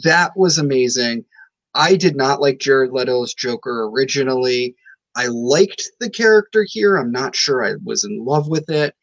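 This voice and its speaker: A man's voice: medium pitch, animated, moderate pace, no room sound, muffled recording. A man co-hosting a podcast, giving blunt, opinionated takes in casual chat. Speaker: podcast co-host.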